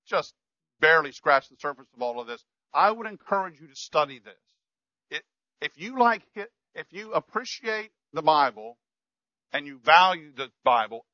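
A man's voice: on the high side, sharp tone, dry recording, dull audio. A man preaching a sermon, emphatic and repeating his key phrases. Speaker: pastor.

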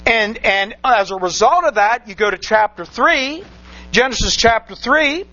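A man's voice: very high voice, expressive, unhurried, bright, forceful tone, highs cut off. A man preaching a sermon, reading scripture aloud and repeating phrases for emphasis with rhetorical questions.

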